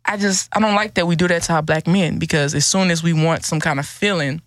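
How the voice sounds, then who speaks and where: A woman guest on a podcast, talking in a casual, animated and emphatic way and acting out the people she quotes. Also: lowish voice, a little fast, no echo, clean studio sound.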